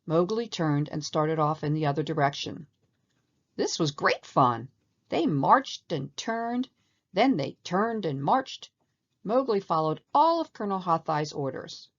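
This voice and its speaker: A woman reads a children's story aloud with animated, expressive pacing. Her voice is low, and the recording sounds slightly dull. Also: measured pace. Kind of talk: storybook read-aloud narration.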